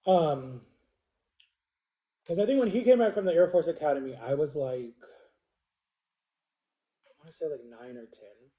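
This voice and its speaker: A man's voice: on the high side, lively intonation, measured pace, pauses often, dark tone, reverberant. A man in his forties telling a personal story to camera in a rambling, casual way, full of fillers and repeated words. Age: 40s. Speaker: vlogger.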